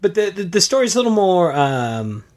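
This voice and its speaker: A man with a slightly high voice, co-hosting a relaxed podcast. He gives his views in an easygoing, measured way. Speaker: podcast co-host. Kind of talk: casual chat about games.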